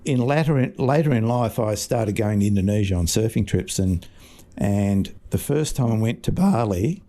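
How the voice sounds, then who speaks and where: Man in his 60s, Australian accent, low voice, warm dark tone, relaxed storyteller. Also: moderate pace. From Scotland. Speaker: fish market owner. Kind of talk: casual interview chat.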